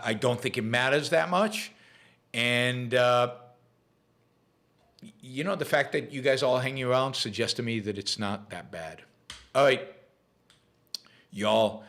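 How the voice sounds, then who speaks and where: A middle-aged man with an Israeli accent, his first language Hebrew, hosts a live stream and answers chat questions. He talks casually at a medium pitch, stopping and restarting often with plenty of ums and uhs. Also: fairly bright tone. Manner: chatty, halting with frequent fillers and restarts. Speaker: podcast host.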